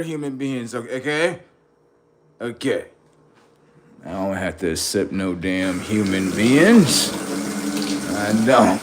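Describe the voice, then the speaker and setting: Low-voiced man rambling on a livestream. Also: measured pace, a little hiss or hum. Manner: rambling, murmured asides to viewers, slangy. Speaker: livestream host. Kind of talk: casual livestream monologue.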